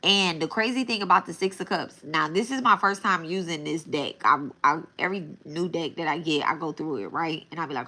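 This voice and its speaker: A woman reading tarot on a live stream, talking casually and bluntly with plenty of restarts. Her voice sits on the low side yet sounds bright and forceful. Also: fairly quick, hardly any pauses. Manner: casual, repeats and restarts phrases; blunt, swears. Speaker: tarot reader.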